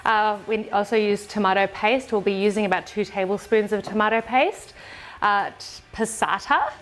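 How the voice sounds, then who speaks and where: A woman's voice: mid-range voice, steady tone, normal speed, faint music behind. Woman, home-kitchen cooking vlog co-host, plain explainer with fillers. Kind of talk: casual cooking chat.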